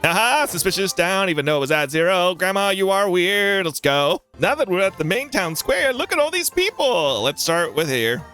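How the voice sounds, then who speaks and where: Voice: medium pitch, very animated, moderate pace, few pauses, fairly bright tone, faint music behind. A let's-play host giving playful, jokey commentary over a story game.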